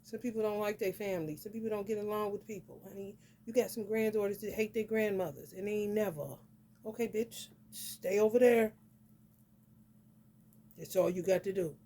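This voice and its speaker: Barely pausing, a northern United States woman races through a blunt, profane astrology reading, her "honey"s scattered everywhere in this casual spiritual vlog rant. Her medium-pitched voice stays steady and mellow.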